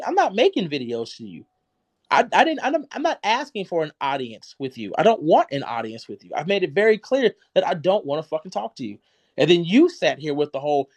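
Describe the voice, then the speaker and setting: A man's voice: fairly high pitch, no echo. A man hosting a livestream, arguing bluntly and profanely and cutting in to finish his point. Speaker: livestream host. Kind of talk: heated livestream argument.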